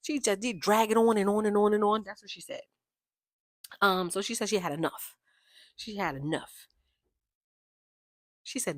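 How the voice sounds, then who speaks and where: A woman giving a casual, opinionated recap of a reality TV show, with chatty, animated asides. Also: mid-range voice, normal speed, long pauses, dry recording, studio quality.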